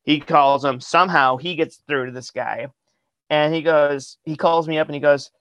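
A man from Michigan, a metal band member, telling a story in a casual interview, animated and profane, acting out the dialogue. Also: on the high side, normal speed, dry recording, dull audio.

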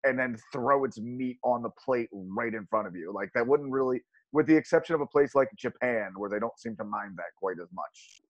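A man's voice: medium pitch, normal speed. A man hosting a podcast, chatting casually and reading his notes aloud. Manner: enthusiastic, reads notes aloud. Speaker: podcast host. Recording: dull lo-fi mic.

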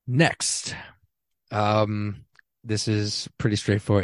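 A man's voice: lowish voice, fairly even intonation, slow pace, no room sound, studio quality. A man in his twenties hosting a casual solo podcast, talking bluntly and emphatically in slangy everyday speech with frequent restarts. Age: 20s. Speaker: podcast host. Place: small apartment.

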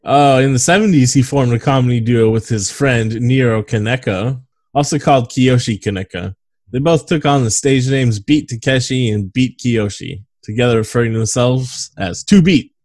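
A man's voice: mid-range voice, moderate pace, a little mellow, dry recording. A man co-hosting a casual movie podcast, reading from notes with lots of fillers and frequent laughs. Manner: laughs often, reads notes with filler words. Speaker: podcast co-host.

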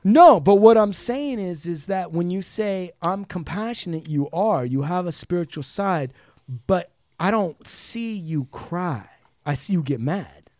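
A man hosting a podcast with a somewhat high voice, sounding dry and close to the mic. He chats casually and probes with questions, slipping into quoted asides as he talks. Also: expressive, measured pace, a little mellow, dry recording. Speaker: podcast host. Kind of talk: casual chat.

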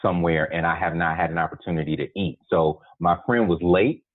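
A man's voice: low-pitched, fairly even intonation, a little fast. A man in his forties, a guest calling in, telling stories in a laid-back, joking way and laughing as he goes. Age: 40s. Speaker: guest, actor. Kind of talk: casual storytelling chat. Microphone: phone call. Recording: tinny dry phone line.

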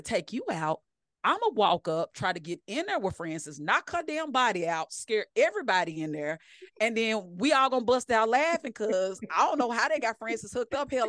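A middle-aged woman, telling profane, animated stories as a podcast co-host. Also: a little high, no echo, clean studio sound. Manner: animated, profane storytelling with acted-out quotes. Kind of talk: casual chat.

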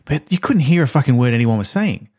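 A man's voice: medium pitch, big pitch swings, fast, a little mellow. A man rambling through an anecdote in casual chat, swearing and laughing. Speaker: podcast co-host.

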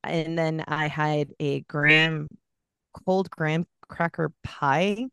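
Chatty low-voiced woman with some fry. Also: slow pace, no room sound. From California. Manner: chatty, animated anecdotes with laughter. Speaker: podcast co-host. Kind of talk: casual chat, storytelling.

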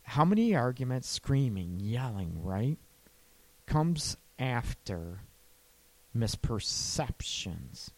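Slow talking guy doing a relationship advice talk, therapist type, lots of "right?". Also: mid-range voice, big pitch swings, darkish tone. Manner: slow, conversational, tags lines with "right?". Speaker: couples therapist.

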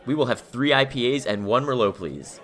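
A man's voice: mid-range voice, lively intonation, a little fast, a bit bright, a faint crowd, close to an everyday voice. An actor in a comedy audio drama playing a blunt, sardonic, crude young man.

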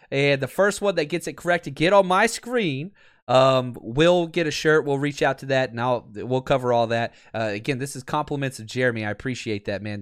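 Animated man hosting a football livestream. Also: fairly high pitch. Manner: animated, chatty, laughs often. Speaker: podcast host; teacher and football coach. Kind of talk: casual livestream chat.

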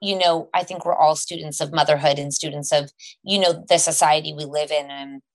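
A woman's voice: sits low, steady tone, a little fast. A woman guest on a podcast, talking earnestly and restarting her phrases as she goes. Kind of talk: casual podcast conversation.

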